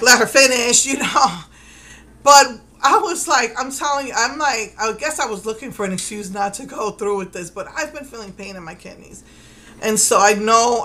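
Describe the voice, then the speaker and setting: Chatty bright-voiced woman retelling her day. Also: medium pitch, poor audio. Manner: chatty, retelling events with quoted dialogue and nervous laughs. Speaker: mother. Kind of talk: casual personal vlog storytelling.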